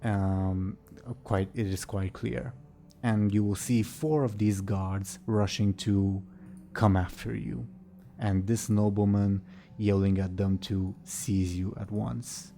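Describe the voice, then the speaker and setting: A man's voice: fairly low pitch, flat delivery, takes it slowly, vocal fry, dark tone. A man running a tabletop game as game master, often chuckling and trailing off into muttered asides.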